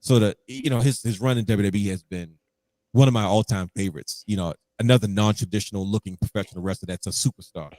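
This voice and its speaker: A man's voice: on the low side, quick pace, a little mellow, no echo. A man co-hosting a podcast in casual chat, telling stories animatedly and acting out his own reactions. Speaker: podcast co-host.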